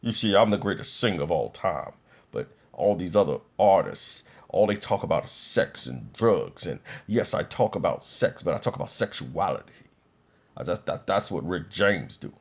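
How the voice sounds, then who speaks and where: A man impersonating a flamboyant, boastful male funk singer in a low, drawling, grandiose voice. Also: sing-song, normal speed, gravelly, full character voice.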